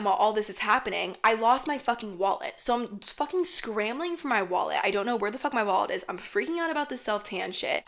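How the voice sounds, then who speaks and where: A woman's voice: mid-range voice, fairly bright tone. A young woman in her twenties, a podcast host telling a casual story, rambling, swearing a lot and saying "like" all the time. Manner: rambling, heavy swearing, lots of "like".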